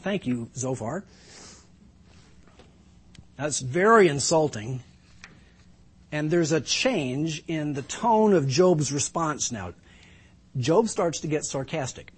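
A middle-aged preacher with a husky, slightly high voice speaks earnestly and reflectively. He leans hard on certain lines for emphasis. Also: expressive, takes it slowly, pauses often. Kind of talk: sermon.

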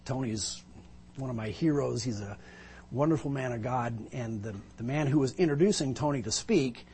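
A man's voice: medium pitch, normal speed, a little mellow, slight background noise. A male pastor preaching a sermon, retelling a Bible story vividly and with emphasis, pulling listeners into the scene.

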